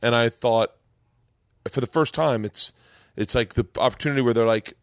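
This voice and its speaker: A man's voice: mid-range voice, normal speed, long pauses, smooth, no echo, studio quality. A man hosting a podcast, telling a story in a rambling way, repeating words and getting emotional. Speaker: podcast host. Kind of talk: casual chat. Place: home podcast studio.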